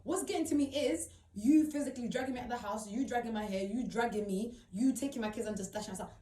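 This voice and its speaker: Woman, emphatic slangy storytelling, slightly high voice, roomy sound, distant from the mic. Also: fast talker, mellow. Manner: emphatic, repetitive, slang-heavy street talk. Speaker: storyteller recounting her experience. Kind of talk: personal storytelling.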